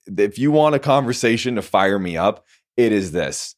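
A man's voice: fairly low pitch, expressive, normal speed. A man on a podcast, a business coach who gets fired up and rants with lots of swearing. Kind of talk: heated podcast conversation.

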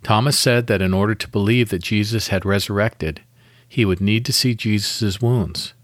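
A man with a fairly low voice leads listeners through a guided devotional meditation. He reads in a calm, measured, unhurried manner. The sound is dry and close, with no room around it. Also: no room sound. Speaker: devotional podcast host.

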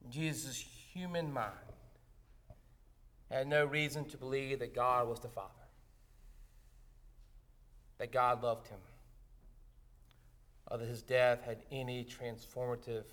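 Bright-voiced male pastor preaching. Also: medium pitch, steady tone. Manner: dramatic storytelling that swells loud, then drops to a hushed, slow close. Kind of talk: sermon.

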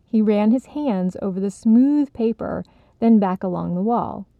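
A woman narrating a story in a steady, even storytelling manner. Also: medium pitch, measured pace, creaky, no room sound. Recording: slightly dull, dry recording.

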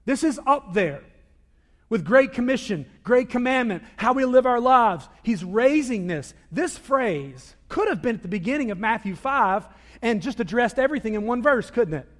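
High-voiced pastor preaching in a reverberant hall. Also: male voice, expressive, moderate pace. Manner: dynamic, swings from loud emphasis to quiet asides. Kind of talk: sermon. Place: church sanctuary. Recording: long reverb of a large hall.

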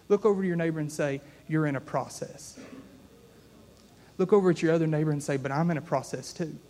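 A man's voice: fairly high pitch, a little mellow. A young man preaching a sermon, telling a personal story in an earnest, conversational way and building to a call to his listeners.

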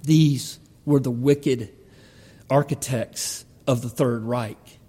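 A man preaching a sermon as a story, halting often with ums and uhs. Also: medium pitch, steady tone, warm tone, breathy edge. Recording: long hall reverb.

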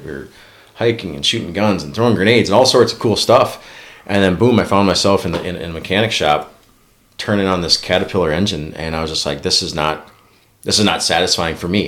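A man in his thirties from Minnesota with a very deep, low voice, chatting as a podcast guest. He tells his story casually and slips into the voices of people he's quoting. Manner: storytelling, acts out remembered dialogue. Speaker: podcast guest, police officer and Marine veteran. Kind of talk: casual chat.

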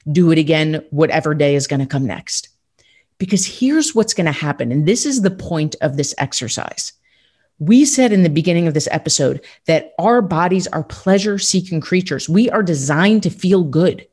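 A woman's voice: low-pitched, expressive, moderate pace, darkish tone, breathy edge. A woman hosting a motivational podcast, talking in an upbeat, emphatic coaching tone. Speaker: podcast host.

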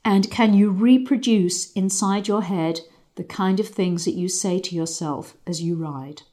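A woman of middling pitch talks a rider through a mental exercise, calm and measured. She guides with gentle questions and leaves pauses for reflection. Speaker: riding instructor. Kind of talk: guided visualisation lesson.

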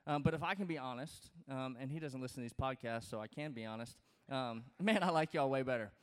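A man from Louisiana, preaching a sermon in a relaxed, joking way with many fillers and restarts. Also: medium pitch, a little fast, clean tone. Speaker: pastor. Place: large church auditorium. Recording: reverberant hall.

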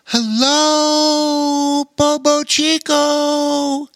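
A man voicing a kind, welcoming female wood elf in a children's story, gentle and hospitable. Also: a little high, sing-song, a little slow, dry recording, studio quality, pitched above the performer's own voice, heavily acted. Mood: friendly. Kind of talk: storybook character voice.

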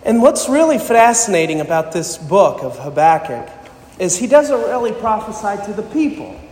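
A man preaches a sermon with great animation at a moderate pace, his voice a little mellow. Reading and explaining scripture earnestly, he rises in pitch and volume for emphasis. The audio is echoey, as in a hall.

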